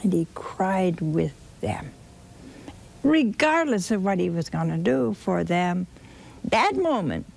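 Woman, sermon, slow expressive storytelling, lively rising and falling pitch. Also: creaky. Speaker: preacher.

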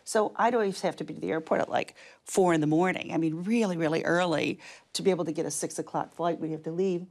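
An older woman, a guest in an interview, telling lively stories full of quick asides. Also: fairly low pitch. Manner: lively, fast-moving anecdotes with quick asides. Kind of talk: animated storytelling.

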